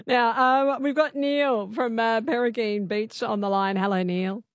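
A woman hosting a live radio talk show, brisk and friendly. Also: on the high side, fairly even intonation, no room sound, studio quality. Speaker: radio host. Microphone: studio microphone.

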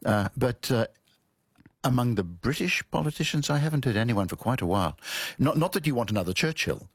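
A man hosting a radio show on language, talking in a thoughtful, measured way with frequent restarts. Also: mid-range voice, expressive, husky, no echo, clean studio sound. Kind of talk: radio studio conversation.

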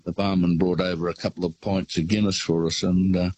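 A man's voice: low voice, flat delivery, a little fast, darkish tone, slight background noise, low-quality recording. A man with an Australian accent phoning in to a radio show, telling a rambling travel anecdote with plenty of hesitations. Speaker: caller. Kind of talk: casual phone-in chat.

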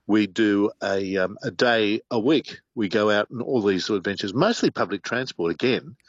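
A man's voice: on the low side, moderate pace, slightly rough, no room sound, dull audio. An older man, co-hosting a radio talk show with reflective, hesitant remarks. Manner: reflective, hesitant, lots of ums. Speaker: radio co-host.

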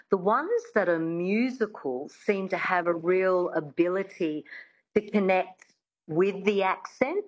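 A woman's voice: on the low side, dull audio. Articulate woman dialect coach. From Australia. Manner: articulate, demonstrates sounds slowly and precisely. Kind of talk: conversational interview, teaching.

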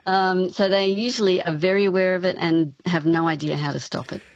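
A woman's voice: fairly low pitch, fairly even intonation, a little fast, no echo, dull audio. A woman speech pathology professor explaining her work as a radio interview guest, with frequent ums and restarts.

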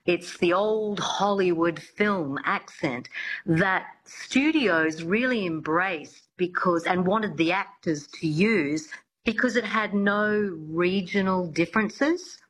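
A woman accent coach, a radio interview guest, explaining her subject. Her voice is on the low side, and she often stops and restarts as she searches for words. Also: slow pace, fairly bright tone, low-quality recording. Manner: explanatory, with frequent hesitations.

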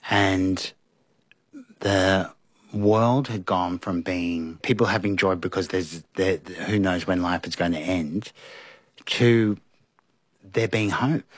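A man with a lowish, easygoing voice recounts stories to a host, lively and amused. The sound is close and dry, like a studio booth. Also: no echo. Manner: animated anecdotes with laughs and acted-out quotes. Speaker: guest. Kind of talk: casual storytelling.

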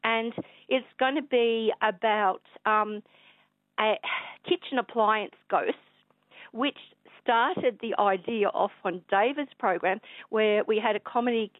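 A woman's voice: on the high side, slow pace, dry recording. Rambling Australian woman on a phone line. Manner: rambling, excitable, many fillers. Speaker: caller. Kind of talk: rambling phone call to radio. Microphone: telephone.

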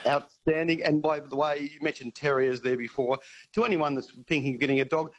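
A man's voice: on the high side, fairly even intonation, brisk, rough recording. A man calling in to a radio show, blunt and enthusiastic. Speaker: caller. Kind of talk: talkback radio call.

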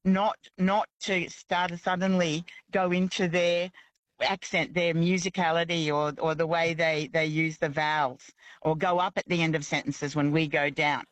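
Caller, man from Australia, halting and self-correcting, dry sound. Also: fairly high pitch, fairly bright tone, no echo. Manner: hesitant, restarts often.

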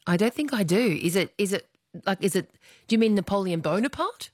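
Woman radio host, bouncy animated delivery, playful quizzer. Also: mid-range voice, fairly quick, no room sound. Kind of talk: casual radio chat.

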